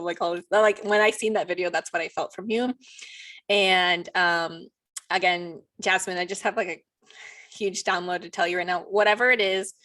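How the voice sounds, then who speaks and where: Woman, podcast host, bright and forceful tone, effusive, exclamatory coaching call. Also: mid-range voice, fairly even intonation, normal speed, no echo.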